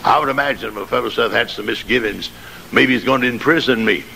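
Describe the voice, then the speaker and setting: A man preaching a sermon, telling a story dramatically and rising to shouted climaxes. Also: medium pitch, fairly quick, gravelly. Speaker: pastor. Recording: noisy old sermon tape.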